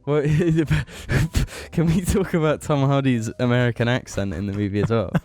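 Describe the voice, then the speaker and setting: A man's voice: mid-range voice, steady tone, moderate pace, a little mellow. A man co-hosting a podcast in loose casual chat, swearing and laughing often. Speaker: podcast co-host.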